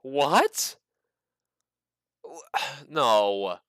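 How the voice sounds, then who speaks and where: A man's voice: mid-range voice, wildly swooping pitch, drawn-out words, fairly bright tone, clean tone, no room sound, studio quality. A man hosting a casual stock market video, full of joking, incredulous asides. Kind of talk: casual commentary.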